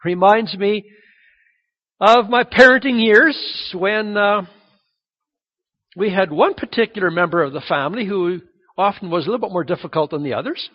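A middle-aged man preaching a sermon as pastor, animated and acting out the voices he quotes. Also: high voice, normal speed, long pauses, in a large hall. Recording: dull lo-fi sound.

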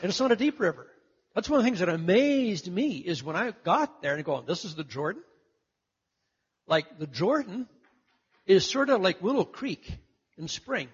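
A lively, high-voiced man preaches a sermon and leans into acting out the story's voices. His voice rises and falls a lot, slightly husky. The sound is muffled, with a long hall echo behind him.

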